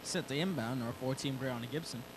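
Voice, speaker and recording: A man's voice: mid-range voice, fast talker. Young color commentator, man, noisy gym. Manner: relaxed, analytical, announces substitutions. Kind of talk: sports commentary.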